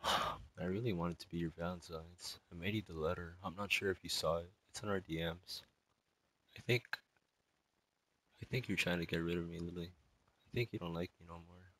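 A distraught young male student in an emotional spoken monologue, rambling and halting, with many sighs and fillers. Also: low voice, steady tone, a bit bright, a little hiss or hum, poor audio.

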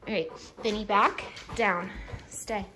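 A young woman vlogger talking fondly to her dogs at home, praising them softly and laughing often as they walk on a treadmill. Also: medium pitch, slow pace, echoey room. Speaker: vlogger and dog owner. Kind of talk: casual chat. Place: indoors at home beside a running treadmill. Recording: steady treadmill motor noise behind.

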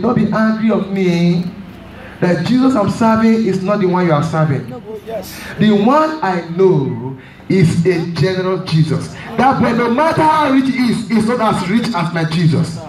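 A man's voice: high-pitched, expressive, measured pace, a little mellow, roomy sound, recorded from a distance, low-quality recording. A man preaching a sermon, telling a story with emphatic repeated phrases.

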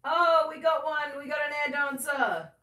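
A woman's voice: high-pitched, moderate pace. Cheerful woman reading chat from afar. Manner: excited, cheerful, thanking viewers. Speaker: co-host reading live chat. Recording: distant voice in echoey room.

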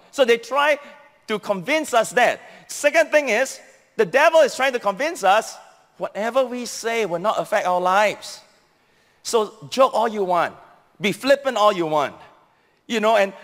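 In a big, echoing room, a man with a Singaporean English accent preaches as a pastor, his voice fairly bright. He is emphatic and repetitive, hammering key phrases and swinging his pitch widely.

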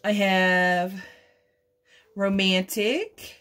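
A woman's voice: mid-range voice, steady tone, very slow, fairly bright tone. A middle-aged woman hosting a craft vlog, cooing and giggling as she unboxes gifts. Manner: gushing, coos and giggles. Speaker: craft channel host.

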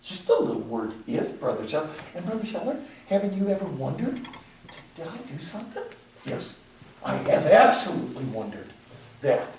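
A man's voice: on the high side, very animated, brisk, creaky, a little mellow. A man teaching a ministry class, acting out both sides of conversations and laughing often. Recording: echoey room from far off, faint noise.

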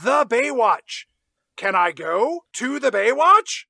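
A man voicing a blunt, childlike young man who shouts and repeats himself. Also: extremely high pitch, very animated, slow pace, gravelly, dry recording, clean studio sound, voice pushed up, heavily acted. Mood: blunt, insistent.

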